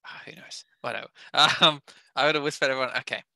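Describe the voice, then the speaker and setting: Bright-voiced joking male player. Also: mid-range voice, steady tone, quick pace, gravelly, no echo. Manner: joking, playful banter. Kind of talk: playing a tabletop game.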